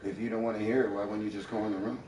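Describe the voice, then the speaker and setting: Speaking very fast from an echoey room at home, a man on a live stream argues at length, lecturing and swearing in a heated domestic fight. His lowish voice is level and a little mellow. He's off-mic, with faint background noise.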